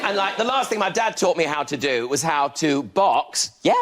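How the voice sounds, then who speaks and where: Man in his 30s, camp theatrical stand-up, high lively voice, noisy stage audio. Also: normal speed, over a noisy crowd. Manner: camp, theatrical, self-mocking. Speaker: stand-up comedian. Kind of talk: stand-up comedy.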